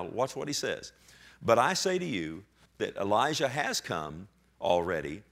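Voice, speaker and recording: A man preaching a sermon, reading scripture slowly and swinging between hushed and loud, animated delivery. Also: lowish voice. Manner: reads scripture aloud with slow emphasis. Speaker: pastor.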